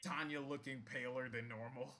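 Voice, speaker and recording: A man acts as game master for a tabletop game, narrating haltingly with plenty of fillers. His mid-range voice is steady and sharp in tone.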